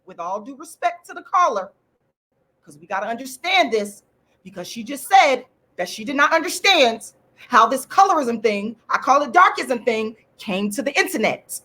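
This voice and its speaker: A woman's voice: fairly high pitch, lively intonation, normal speed, bright, forceful tone. A woman hosting a live-stream call-in show, speaking emphatically to her viewers. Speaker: host.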